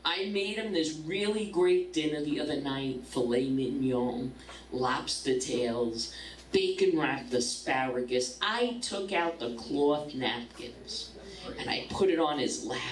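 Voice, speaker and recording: A woman's voice: sits low, animated, takes it slowly, reverberant, distant mic, low-quality recording. A middle-aged woman doing a stand-up comedy set, brash and profane, landing punchlines.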